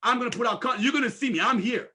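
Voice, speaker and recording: High, bright-voiced energetic sales trainer. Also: male voice, fast, slightly rough. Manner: energetic, repetitive, full of rhetorical questions. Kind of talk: motivational training talk.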